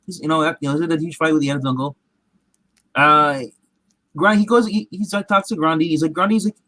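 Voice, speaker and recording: A man's voice: fairly high pitch, fairly even intonation, brisk, pushed and bright, no echo, poor audio. A man recapping a show in casual, rambling chat, acting out quotes in different voices. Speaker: comic show recap host.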